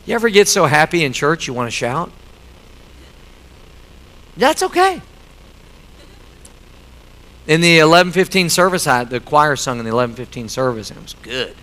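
A middle-aged man preaching a sermon in a church, swinging between loud emphatic lines and quiet joking asides to the congregation. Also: a little high, animated, quick pace, hardly any pauses, low-quality recording. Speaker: pastor. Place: church sanctuary.

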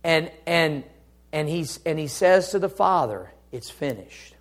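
A man preaching a sermon, moving from hushed, quiet passages to loud, impassioned climaxes, repeating phrases for emphasis. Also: on the high side, a little slow.

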